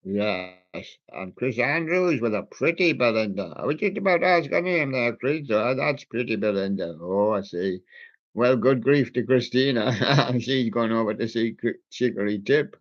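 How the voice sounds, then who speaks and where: A man's voice: medium pitch, expressive, normal speed, dull audio. A man hosting a music show, reading out song titles in a rambling, casual way with puns on the titles. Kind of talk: casual record-show chat.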